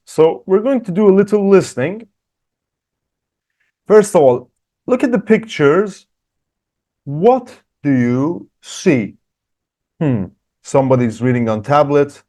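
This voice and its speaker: Male English teacher, online lesson, animated voice, unhurried, encouraging, clear example sentences. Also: fairly high pitch. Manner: encouraging, talks to viewers directly.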